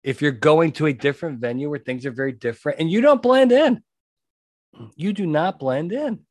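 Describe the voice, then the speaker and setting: A man with a slightly high voice gives blunt advice in an emphatic, conversational monologue. He hammers his main points by repeating them, often checking in with a quick "okay". The sound is close and dry, with no room around it. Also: expressive, darkish tone, no echo. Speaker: podcast host and jury consultant.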